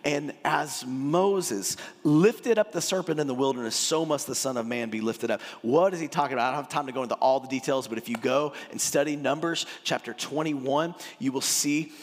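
A man from Texas, preaching an emphatic, animated sermon. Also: mid-range voice, normal speed, hardly any pauses, in a large hall. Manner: animated, emphatic, acts out scripture dialogue. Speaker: pastor.

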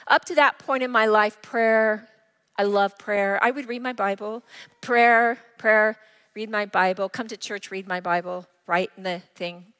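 A woman's voice: mid-range voice, steady tone, unhurried, a bit bright, clear, resonant tone. A middle-aged woman pastor preaching a sermon, telling personal stories in an earnest way. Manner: personal, earnest storytelling with acted quotes. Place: church. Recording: long reverb of a church hall.

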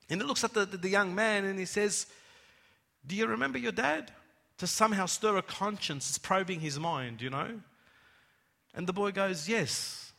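A man preaching a sermon, dropping to hushed tones and rising to loud emphatic cries. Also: high-pitched, vocal fry. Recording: long hall reverb.

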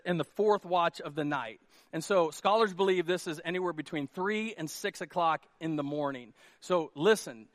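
A man preaching a sermon as pastor, conversational and animated, swinging between quiet asides and loud emphatic lines. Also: high-pitched, no room sound, studio quality.

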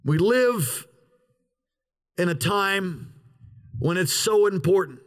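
A man in his fifties from the United States preaching a sermon as pastor, animated, sometimes shouting and sometimes slowing down hard for emphasis. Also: high-pitched, low-quality recording.

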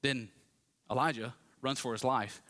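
A man preaching a sermon in a lively, conversational way with asides to the congregation. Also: medium pitch, unhurried. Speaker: pastor.

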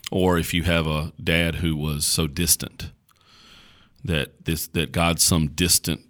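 Slow and bass-voiced, a pastor tells stories in casual podcast conversation. He's folksy and animated, often using fillers and starting sentences over.

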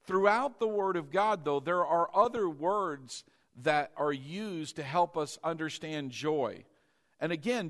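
Lively, bright-voiced preaching man. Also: a little high. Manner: animated, shifts between loud exclamations and soft teaching; calls for congregation responses. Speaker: pastor. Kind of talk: sermon.

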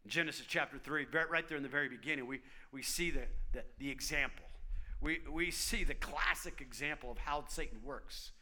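A middle-aged man preaching a sermon, emphatic, repeating phrases and swinging from loud to whispers. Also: on the high side, a little fast.

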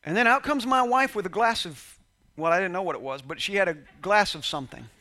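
A man's voice: high-pitched, lively intonation, brisk, bright, forceful tone. A male pastor telling a personal story in a sermon, acting out bits of dialogue and joking with his congregation. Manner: conversational preacher, quoting dialogue, laughing with congregation.

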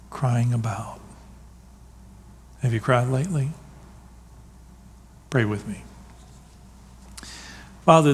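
A man preaching a sermon as a pastor, building to emphatic peaks and dropping to soft, hushed lines. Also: medium pitch. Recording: long hall reverb.

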